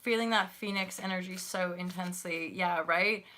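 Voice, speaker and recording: Woman tarot host, bright tone, gushing and chatty with live viewers, swears casually. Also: on the low side, steady tone, normal speed. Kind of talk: live-stream tarot reading.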